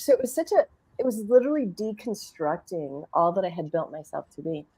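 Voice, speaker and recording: A middle-aged woman on a podcast panel, candidly telling a personal story in a lively, conversational way, acting out her own inner dialogue. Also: mid-range voice, moderate pace, breathy edge. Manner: animated and conversational, with frequent restarts, laughs and quoted inner dialogue.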